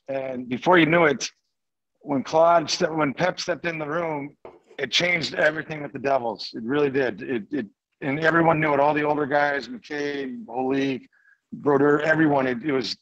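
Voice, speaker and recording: Man, former hockey player, lively rambling storyteller, higher voice, dry close sound. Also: no room sound, highs cut off. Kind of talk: animated anecdote telling.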